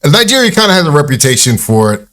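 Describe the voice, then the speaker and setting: Guy cracking jokes on a reaction vid, kinda high voice, bounces all over. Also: fast. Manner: joking, teasing, animated. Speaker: reaction show co-host. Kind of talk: casual comedic commentary.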